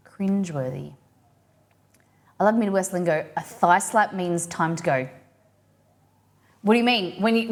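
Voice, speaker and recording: Chatty Australian woman hosting a live stream. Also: mid-range voice. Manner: rambling, chatty, many restarts and fillers; acts out quoted phrases in playful voices. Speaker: livestream host. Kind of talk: casual chat reading viewer comments.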